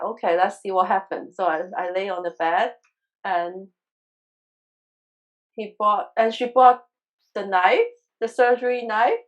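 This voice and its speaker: With a mid-range voice on poor audio, a woman who works as a crystal healer shares a personal story as an interview guest. Earnest and emotional, she keeps restarting her sentences.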